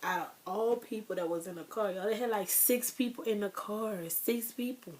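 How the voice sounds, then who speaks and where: A woman's voice: medium pitch, fairly even intonation, moderate pace, darkish tone. A young woman telling a story to her viewers in a loose, rambling way, with lots of filler words and direct asides to her audience. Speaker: vlogger. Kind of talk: casual storytime vlog.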